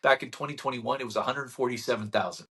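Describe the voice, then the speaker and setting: A real estate channel host gives a casual market update to camera in a husky, medium-pitched voice at a quick pace. He rants in an animated way, tossing in sarcastic mock quotes.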